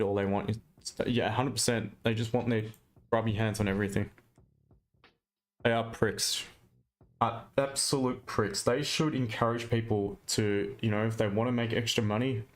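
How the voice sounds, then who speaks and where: A man's voice: on the low side, flat delivery, fairly quick. A man with an Australian accent, chatting casually and bluntly on a live trading stream, ranting with mild swearing.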